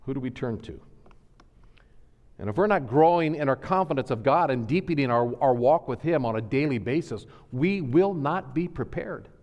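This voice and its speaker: A male pastor, preaching in a large, echoing hall. He drops to soft, low passages, then climbs to loud, urgent, ringing emphasis. His voice sits at an ordinary middle pitch. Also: expressive, moderate pace. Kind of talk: sermon. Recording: long hall reverb.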